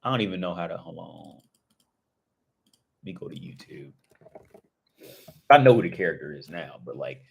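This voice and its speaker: A man chatting casually on a livestream, rambling with lots of filler words and swearing, breaking into excited outbursts. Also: sits low, vocal fry. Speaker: streamer.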